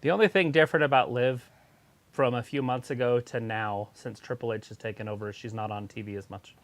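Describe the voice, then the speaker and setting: A man co-hosting a casual live stream, giving opinions in a lively way. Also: medium pitch, a little fast. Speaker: co-host of a wrestling watch-along stream.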